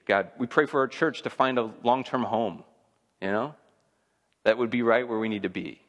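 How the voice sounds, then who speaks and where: A man's voice: mid-range voice, moderate pace, a bit bright, big-room sound. A man preaching a sermon in a conversational, emphatic way, building intensity as he makes his points. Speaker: pastor.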